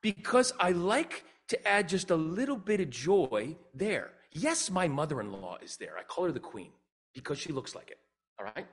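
A middle-aged man giving a humorous storytelling talk as a speaker and singer, animated and acting out dialogue. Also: moderate pace, husky. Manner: animated, acts out dialogue with big pitch jumps.

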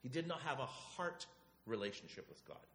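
Bright-toned male pastor preaching. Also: medium pitch, big pitch swings, normal speed. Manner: conversational, repeats words and restarts often. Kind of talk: sermon.

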